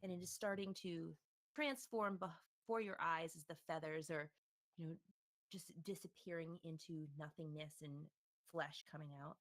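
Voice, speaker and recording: A woman's voice: sits low, fairly even intonation, normal speed, fairly bright tone. A woman narrating a tabletop game as game master, playful and tossing in animal noises.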